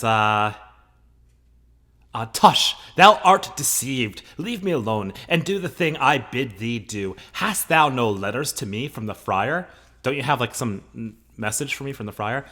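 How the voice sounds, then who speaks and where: A man's voice: medium pitch, a bit bright. A man teaching a play, reading the lines aloud with feeling and then explaining them in casual, joking asides.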